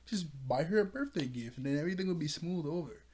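A man's voice: on the high side, lively intonation, fast, a little mellow, pitched above the performer's own voice. A man voicing a laid-back teenage boy prankster in a casual recap, breezy and reassuring.

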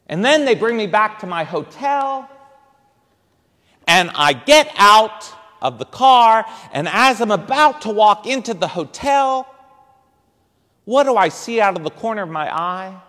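A man's voice: sits high, fairly bright tone. A man, a priest, telling a story in a sermon, acting out voices and throwing punchy asides to the congregation. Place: church. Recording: reverberant church hall.

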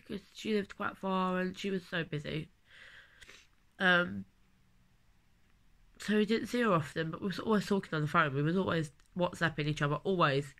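Gravelly-voiced London woman with a cold. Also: lowish voice, moderate pace, long pauses, a bit bright. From London, England. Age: late 20s. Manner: rambling, heartfelt, chatty. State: has a cold, coughing. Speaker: vlogger. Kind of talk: personal vlog talk.

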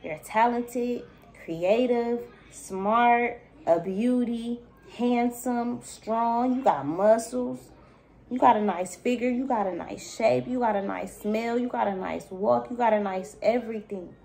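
Gravelly, mellow-voiced woman doing a casual reading. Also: fairly high pitch, slow. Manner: chatty, loose, full of "it's giving, like"; talks straight to the viewer, calls them baby. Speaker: spiritual reader. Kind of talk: casual intuitive reading to viewers.

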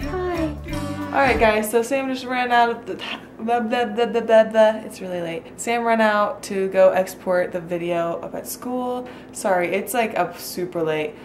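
A woman's voice: mid-range voice, normal speed, few pauses, faint music behind. A young woman chatting casually in a home vlog late at night, giggly and talkative. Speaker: vlogger. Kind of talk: casual chat.

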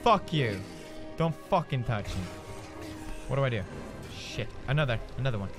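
A man giving let's-play commentary on a video game, excitable and swearing a lot, shouting during fights. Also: medium pitch, moderate pace. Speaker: gamer. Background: game music.

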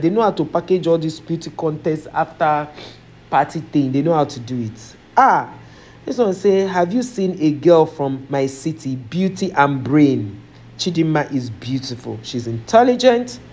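A woman's voice: low-pitched, lively intonation, moderate pace, mellow. A woman vlogger reading viewer comments aloud and reacting with emotional sighs and exclamations.

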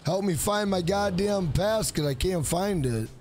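A man's voice: high-pitched, animated, measured pace, darkish tone, slight background noise. A man live-streaming a video game, chatting casually with his viewers, thanking them by name and calling them "bro" again and again. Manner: talks straight to chat, repeats "bro" often.

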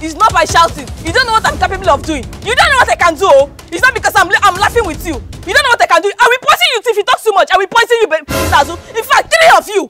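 A woman with a Nigerian English accent acting a fiery woman who shouts, scolds and threatens in a comedy skit, with music behind. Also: very high-pitched, sing-song, racing, hardly any pauses. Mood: furious. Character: fiery woman furious at being shut out of party politics.

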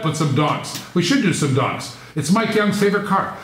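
A man's voice: on the high side, expressive, normal speed, sharp tone, reverberant, slight background noise. Playful man calling a diecast auction. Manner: playful, rhythmic, repetitive auctioneer chant. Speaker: auctioneer and channel host. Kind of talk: live online auction patter.

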